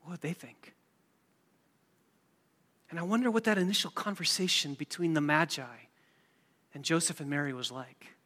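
A man preaching in a church sanctuary, with a bright, forceful voice pitched a little high. He moves between hushed storytelling and loud, emphatic preaching. A long hall reverb trails each phrase. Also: moderate pace, pauses often. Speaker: pastor. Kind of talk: sermon.

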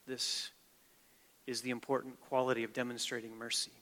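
Male pastor, sermon delivery, bright tone, dynamic from hushed to emphatic, long hall echo. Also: medium pitch, flat delivery, moderate pace. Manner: preaching with emphatic rises and quiet, hushed stretches.

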